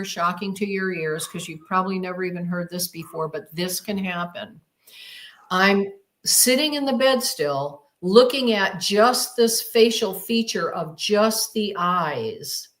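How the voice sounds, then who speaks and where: A woman's voice: medium pitch, a bit bright. Emphatic woman telling a vivid story. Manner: vivid, emphatic retelling with repeated phrases. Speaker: podcast guest. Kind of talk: dramatic personal storytelling.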